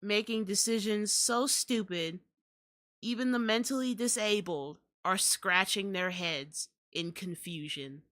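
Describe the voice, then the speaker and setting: A woman's voice: medium pitch, a little slow, fairly bright tone. A young adult woman hosting a podcast, ranting in exasperated, profane commentary. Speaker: podcast host.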